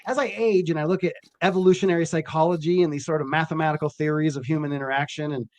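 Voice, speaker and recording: A man telling stories in casual chat, animated and acting out the lines of the people he quotes. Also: fairly high pitch, quick pace. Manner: animated storyteller, acts out quotes.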